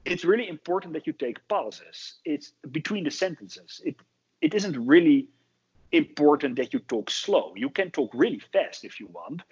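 Guy, husky voice, bouncy intonation, giving speaking tips, kinda muffled audio. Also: on the high side. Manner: animated, demonstrates fast talk with pauses. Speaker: public speaking coach. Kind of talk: interview answers, explanatory. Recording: dull lo-fi audio.

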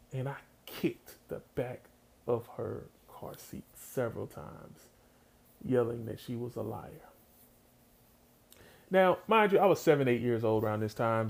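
Gravelly man telling a comic story. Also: mid-range voice. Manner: slangy, conversational, talks straight to listeners.

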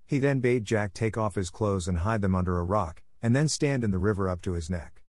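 A man narrating a fairy tale in a steady, even storytelling manner, close to the mic. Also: lowish voice, fairly quick, no echo. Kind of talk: scripted audiobook narration.

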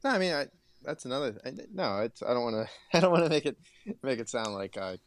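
A young man co-hosting a podcast, talking hesitantly with many restarts and soft laughs. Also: medium pitch, big pitch swings, fast. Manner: hesitant, hedging, laughs often. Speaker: podcast co-host. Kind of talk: casual chat.

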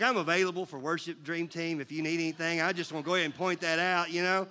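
A man preaching a sermon as a pastor, with a jokey, conversational delivery that turns animated. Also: on the high side, fast talker, hardly any pauses.

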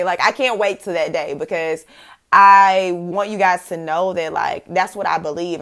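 A young adult woman hosting a podcast, talking casually about faith and dating, animated, laughing often, with many "like"s and fillers. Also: lowish voice. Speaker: podcast host.

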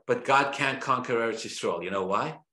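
A man, a rabbi teaching a Torah class, speaking in an animated, emphatic way with rhetorical questions and frequent restarts. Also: mid-range voice, normal speed. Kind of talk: lecture-style Torah class. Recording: roomy echo.

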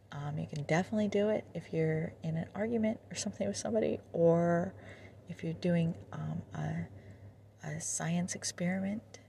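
Gently whispering woman with a gravelly tone. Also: lowish voice, slight background noise. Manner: gentle, drifting, often half-whispered. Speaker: podcast host. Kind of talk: guided meditation.

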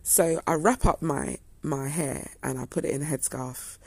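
A young woman with a low, husky voice and a gravelly edge, chatting to her viewers. She tells her story casually and slips into the voices of the people she quotes. The sound is close and dry. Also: normal speed, no echo. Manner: chatty, acts out quoted dialogue. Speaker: vlogger.

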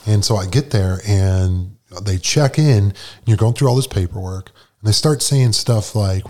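Here the same kind of guest, a middle-aged man from New York, casually relates a personal tale full of slang, imitating the people he quotes along the way. He talks at normal speed with a slightly low, darkish voice.

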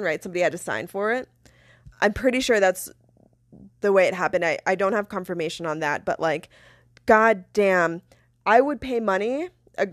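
A woman's voice: mid-range voice, no echo. Profane storytelling woman, dry close mic. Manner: candid and profane, laughs often. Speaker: podcast host. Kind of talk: casual storytelling monologue.

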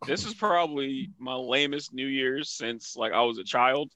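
A man in his thirties, a guest comedian from Philadelphia, telling animated stories in casual podcast chat. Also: normal speed, no echo. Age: 30s. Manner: animated storyteller, high put-on voices in anecdotes.

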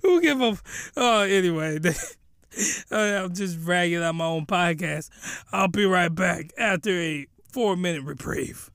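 A man hosting a podcast, giving a comedic recap of a cartoon episode in animated slang and breaking into excited shouts. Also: high-pitched, a little slow, smooth. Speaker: podcast host.

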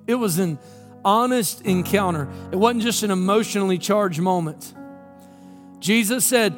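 A man's voice: high voice, normal speed, faint music behind. A male pastor preaching an impassioned sermon, full of emphatic rhetorical questions.

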